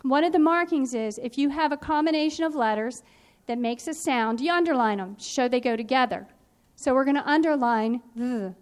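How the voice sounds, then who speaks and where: High-voiced woman teaching phonics. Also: normal speed, few pauses. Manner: clear, patient, instructive. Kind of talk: teaching a workshop on spelling.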